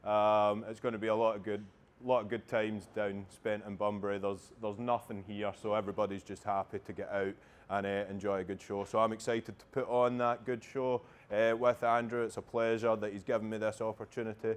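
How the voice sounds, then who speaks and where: A man's voice: on the low side, level tone, brisk. Scottish guy, young comedian, chatty and self-deprecating, easy upbeat talk. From Scotland. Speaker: opening comedian. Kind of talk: casual to-camera chat.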